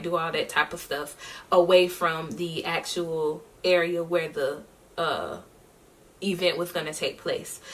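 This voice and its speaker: A woman's voice: fairly low pitch, distant mic. Chatty woman, a bit off-mic. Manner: chatty, rambling, full of fillers and shout-outs. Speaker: singer recapping her year. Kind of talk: casual storytelling vlog.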